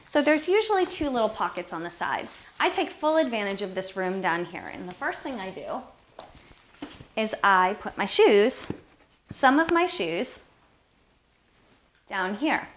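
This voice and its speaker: A woman's voice: medium pitch, sing-song, measured pace, a bit bright, slight background noise. A woman in a how-to video, walking the viewer through her packing step by step.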